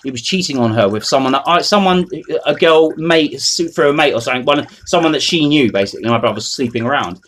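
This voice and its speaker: A man's voice: medium pitch, lively intonation, fast, hardly any pauses, a bit bright. A man, ranting to camera in a rambling, foul-mouthed, mocking way. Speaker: vlogger. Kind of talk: unscripted rant to camera.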